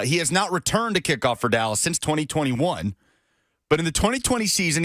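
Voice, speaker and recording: A man's voice: medium pitch, no room sound. A man co-hosting a sports radio show in the studio, ribbing his colleague. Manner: lively, ribbing.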